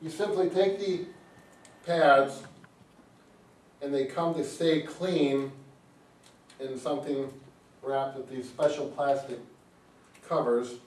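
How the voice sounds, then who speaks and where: A man's voice: medium pitch, fairly even intonation, slow pace, pauses often. A man, a physical therapist, gives a casual product demonstration and explains things step by step with frequent fillers. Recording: echoey room, mic at a distance.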